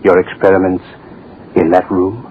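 An actor playing an arrogant, menacing state official who speaks curtly and with contempt, in 1940s radio-acting style. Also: male voice, deep voice, level tone, normal speed, lightly acted. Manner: curt, domineering, contemptuous. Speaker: propaganda official, His Excellency. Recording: dull old radio recording with faint hiss.

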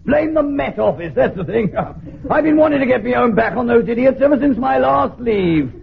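High gravelly old admiral, barks and brushes folks off, tinny hissy old radio. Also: male voice, expressive, normal speed, full character voice. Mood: gleeful. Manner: brusque, dismissive, barking. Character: bluff older male admiral, blustering and irreverent. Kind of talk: 1960s radio comedy acting.

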